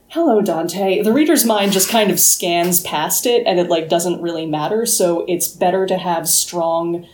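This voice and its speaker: Woman, podcast co-host, casual quick chat, lots of fillers, lowish voice, roomy echo. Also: darkish tone. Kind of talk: casual book discussion.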